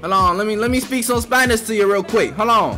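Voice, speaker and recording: A young man giving trash-talking commentary over his gameplay, swinging between loud taunting shouts and low muttering. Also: quick pace, soft background music. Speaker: gaming streamer.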